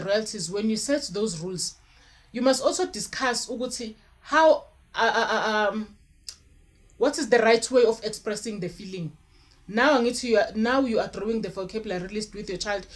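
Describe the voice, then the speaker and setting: A woman's voice: mid-range voice, a little mellow. A young adult woman, talking casually to camera with parenting advice, earnest and repeating herself as she gathers her thoughts. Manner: earnest, repeats words, mixes in Zulu fillers. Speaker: parenting vlogger.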